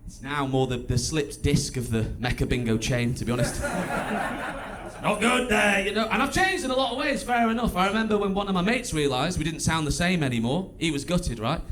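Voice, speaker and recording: A man with a Stoke-on-Trent accent performing a stand-up comedy set on a club stage, chatty and wry, with bursts of loud mimicry. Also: high voice, lively intonation, moderate pace. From England. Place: comedy club stage before a live audience.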